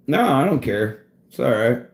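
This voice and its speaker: Speaking to his live chat about tree climbing, this man tells a rambling, casual story loaded with swearing and plenty of "bro" and "dude." The voice is medium-pitched and darkish with vocal fry, recorded in an echoey room.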